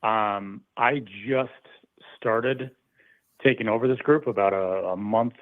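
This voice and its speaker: A man's voice: lowish voice, slow pace, dry recording. A man who manages a sales team, speaking in a friendly, matter-of-fact way on a phone call. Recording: tinny dry phone line.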